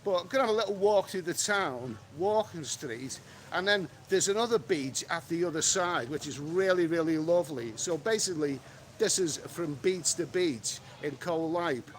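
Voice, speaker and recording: A man's voice: on the high side, moderate pace, a little hiss or hum. A man with a cold walking along an island beach, reading out and answering viewer comments in a chatty live-stream vlog. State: has a cold, sniffly. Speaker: travel vlogger. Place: outdoors on a tropical island beach and town.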